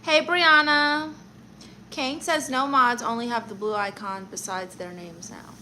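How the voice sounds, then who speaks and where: A woman's voice: medium pitch, animated, moderate pace, pushed and bright, slight background noise, poor audio. A woman comedian hosting a casual livestream, reading viewer comments aloud and answering them with sassy, teasing banter. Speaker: livestream host reading chat; stand-up comedian.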